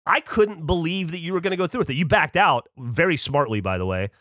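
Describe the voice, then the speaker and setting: A man co-hosting a podcast speaks fairly quickly in a fairly high voice, with clean studio sound and no room sound. He's an animated storyteller in casual chat and doesn't hold back on swearing.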